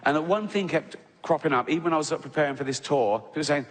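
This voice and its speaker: A man's voice: a little high, lively intonation, fast, hardly any pauses, slight background noise. A middle-aged man with an English accent doing a stand-up comedy routine, rambling and interrupting himself in a chatty way on a theatre stage. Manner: rambling, self-interrupting, conversational. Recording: live venue with long reverb and loud crowd.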